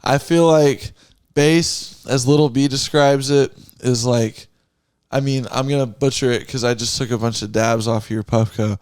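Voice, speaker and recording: A man's voice: medium pitch, steady tone, a little slow, a little mellow, clear, resonant tone. A man in his twenties, a guest rapper, joking in laid-back casual chat.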